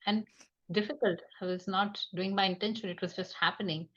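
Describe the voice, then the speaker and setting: A woman guest talking candidly and reflectively about her own experiences, pausing often as she speaks. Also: mid-range voice, steady tone, a bit bright. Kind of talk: candid personal conversation. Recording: dull lo-fi sound.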